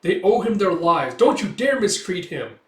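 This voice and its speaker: A fierce townswoman loudly scolds the soldiers, indignant and protective, as a man reading a comic puts her on. The voice is pitched up and echoes in a roomy space. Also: very animated, moderate pace. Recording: echoey room.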